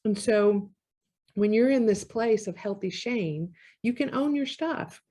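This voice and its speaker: A woman's voice: mid-range voice, unhurried. A woman therapist giving a conversational talk on relationships, now and then acting out what partners say. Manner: conversational, acts out quoted partners with lively shifts. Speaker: marriage therapist. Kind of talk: educational talk to camera.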